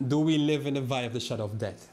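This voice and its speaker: A man's voice: mid-range voice, a little mellow. Man preaching with rhetorical questions. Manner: preaches with rhetorical questions and slow scripture quoting; repeats and restarts words. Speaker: pastor. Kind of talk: sermon.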